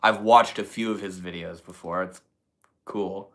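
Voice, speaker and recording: Young dude streaming, bright voice, chill and slangy, cursing a lot while he answers chat. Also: low-pitched, steady tone, unhurried. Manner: laid-back, swears freely, slangy. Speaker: livestream host. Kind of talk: casual livestream chat reading comments.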